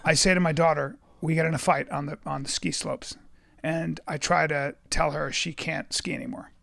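A man in his forties, chatting casually and telling animated, profane stories, acting out quotes. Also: a little high, normal speed, gravelly. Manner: animated, swears a lot, acts out quotes. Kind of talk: casual chat, storytelling.

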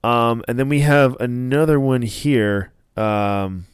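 A man co-hosting a casual chat, animated and enthusiastic, laughing often. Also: mid-range voice, slow, clear, resonant tone, no room sound, studio quality. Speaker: podcast co-host.

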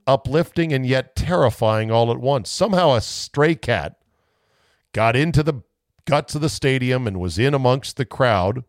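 Animated male sports talk host, dry sound. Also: no room sound. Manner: chatty, self-mocking, swings into high playful voices. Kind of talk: casual podcast monologue.

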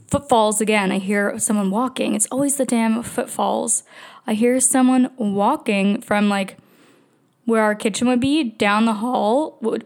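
Chatty young woman telling a story. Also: medium pitch. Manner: chatty, halting, many fillers and restarts. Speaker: podcast host. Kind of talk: casual storytelling.

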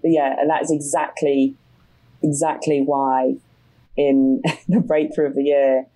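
A British woman guesting on a podcast, chatty and candid with frequent laughs. Her voice sits low, with a mellow and husky tone. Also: level tone, slow pace, poor audio. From Britain. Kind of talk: casual interview chat.

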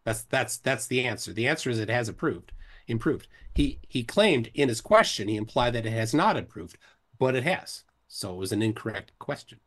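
A man's voice: mid-range voice, expressive, normal speed, a bit bright. A man in an online debate, insistently repeating his point. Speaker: globe earth debater.

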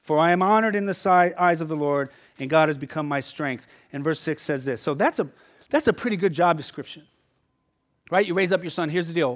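A man delivers a sermon from the pulpit in a high-pitched voice. He moves between hushed, reflective asides and sudden loud bursts of emphasis, often pausing to ask "right?" as he works through his points. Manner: preaching with sudden surges and drops in volume; tags points with a questioning "right?". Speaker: pastor.

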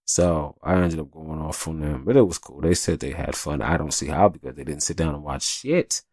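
Deep gravelly-voiced man chatting casually. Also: moderate pace, a little mellow, dry recording, clean studio sound. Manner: loose, profane and chatty, with frequent "you know what I'm saying". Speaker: podcast host. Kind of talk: casual storytelling monologue.

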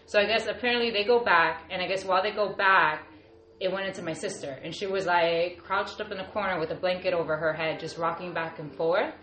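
A woman's voice: fairly low pitch, fairly even intonation, a little fast, fairly bright tone, a little hiss or hum. A woman in her thirties telling a personal story casually, with lots of "like" and trailing restarts. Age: 30s. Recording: echoey room, faint ambience.

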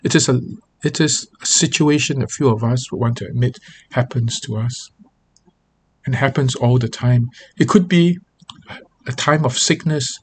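A man's voice: medium pitch, normal speed, slight background noise. A man giving a devotional talk as a pastor, earnest and reading scripture aloud with feeling. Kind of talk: devotional Bible teaching.

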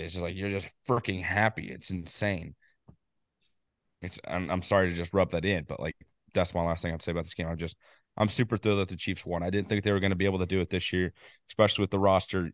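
A man with a slightly low voice talks football on a casual podcast. He rambles and gets excited, stacking up quick asides. The sound is dry and close. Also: no room sound. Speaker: podcast co-host. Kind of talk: casual sports chat.

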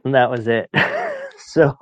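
A man's voice: medium pitch, steady tone, measured pace, a little mellow, dry recording. Chatty storytelling man, muffled dry sound. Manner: chatty, laughs while telling stories. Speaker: guest. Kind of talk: casual storytelling.

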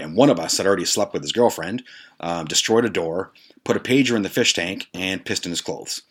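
A man's voice: sits low, breathy edge. A man hosting a podcast, telling a long story in a casual, profane, rambling way that keeps breaking off and restarting. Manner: profane, rambling, self-interrupting. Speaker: podcast host. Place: Toronto.

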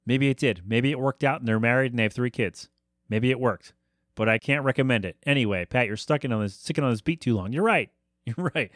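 A man's voice: medium pitch, fairly quick, fairly bright tone, no echo. Podcast host, male, mid-range voice, dry close sound, rambling recap with asides. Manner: chatty, rambling, jokey asides and self-corrections. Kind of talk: casual TV episode recap.

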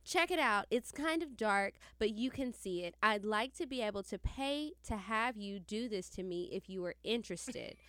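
Woman podcast cohost, bright smooth voice, blunt and jokey. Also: medium pitch, animated, moderate pace, few pauses, no echo, studio quality. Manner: blunt, joking, swears freely. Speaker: podcast co-host. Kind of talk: casual chat.

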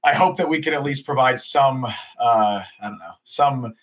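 A man's voice: mid-range voice, normal speed, fairly bright tone. A man co-hosting a casual sports podcast who rants heatedly and often restarts his sentences. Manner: heated ranting with frequent restarts. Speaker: podcast co-host.

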